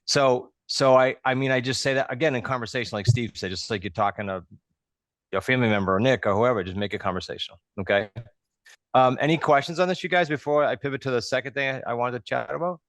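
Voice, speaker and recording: A man's voice: medium pitch, fast talker, a bit bright, dry recording. A man hosting a live group coaching call, explaining things step by step in a conversational way.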